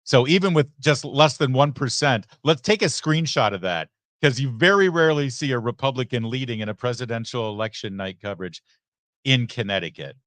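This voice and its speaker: At an election watch party venue, a middle-aged man hosts a live election night stream, reading viewer messages in a chatty, joking way full of asides and lively ups and downs. His mid-range voice is a little fast, with no room sound.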